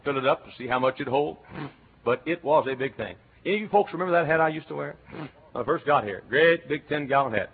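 Folksy Texan preacher, tinny recording. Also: male voice, mid-range voice. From Texas. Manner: folksy storytelling, bursts into loud cheers and shouts. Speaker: Baptist pastor. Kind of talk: sermon. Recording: tinny lo-fi sermon recording with faint hiss.

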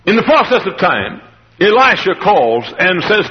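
A man preaching a revival sermon, acting out the people in the story and shouting at its high points. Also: sing-song, a little slow, in a large hall, dull audio. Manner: dramatic, acts out the characters in the story, shouts at climaxes.

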